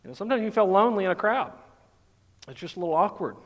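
Folksy Southern pastor in a reverberant hall. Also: male voice, sits high, lively intonation, rapid-fire. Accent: light Southern US. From Texas. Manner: folksy, conversational, many fillers. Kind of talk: sermon.

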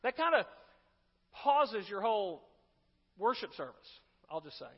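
Man preaching in a conversational style, high voice, long reverb. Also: big pitch swings, a little slow, breathy edge, lo-fi sound. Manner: conversational, with asides and restarts. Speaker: pastor. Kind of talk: sermon.

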